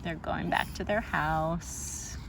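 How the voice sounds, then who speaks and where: Unhurried woman teacher reading a picture book. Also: deep voice, fairly even intonation, gravelly, a little hiss or hum. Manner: gentle, explanatory, names plants and birds and asks questions; patient, answers a child's interruptions.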